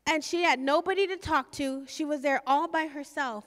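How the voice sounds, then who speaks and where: A woman's voice: high voice, moderate pace, fairly bright tone, big-room sound. A woman preaching a sermon, fervent and exhorting as she tells a story.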